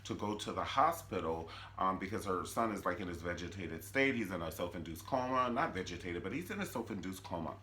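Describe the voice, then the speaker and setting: A man hosting a comedic TV recap, telling the story in an animated, sassy way. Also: low-pitched, fairly quick, hardly any pauses, slight background noise. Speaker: YouTube show recap host.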